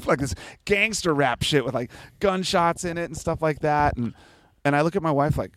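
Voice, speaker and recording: A man's voice: a little high, moderate pace, fairly bright tone, no room sound. A man in his forties, telling stories in a casual interview with a lot of swearing and laughter. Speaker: guest musician.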